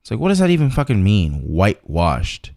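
Man, very deep voice, animated pitch, joking rants, dry sound. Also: fairly quick, gravelly, dry recording. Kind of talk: casual chat.

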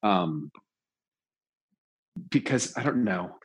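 A man's voice: on the low side, lively intonation, very slow, husky. A man in casual discussion, talking with animation and acting out lines with emphasis.

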